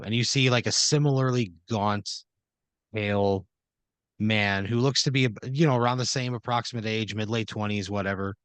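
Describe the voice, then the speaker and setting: A man's voice: on the low side, moderate pace, a bit bright, smooth, no room sound. A man hosting a comedy podcast, narrating an improvised scenario in second person with lots of fillers and restarts. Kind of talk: improvised storytelling.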